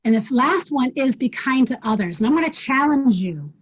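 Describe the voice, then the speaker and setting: A woman's voice: sits high, expressive, normal speed, slightly rough. A woman teaching an online wellness class, direct and challenging, checking in with the group with frequent questions. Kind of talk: live online class talk. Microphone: video call. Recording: dull lo-fi video call audio.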